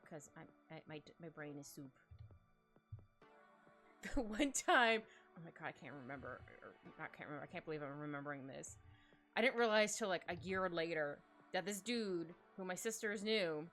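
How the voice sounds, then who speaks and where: A woman's voice: lowish voice, animated, moderate pace. A woman livestreaming at home, chatting casually while she draws, rambling and giggling through her stories. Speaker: livestreaming artist. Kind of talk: casual chat while drawing. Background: soft background music.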